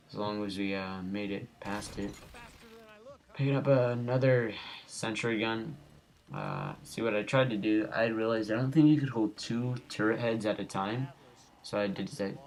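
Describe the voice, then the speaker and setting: A man's voice: on the low side, vocal fry. A young man giving casual, rambling commentary over his gameplay footage as the host of a gaming channel, goofy and easily sidetracked. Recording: home recording with faint background noise.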